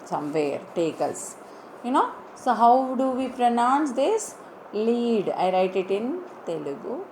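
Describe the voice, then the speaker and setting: A woman teaching words in an online lesson, slowly spelling words out letter by letter. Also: medium pitch, a little mellow, slight background noise, poor audio. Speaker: English teacher.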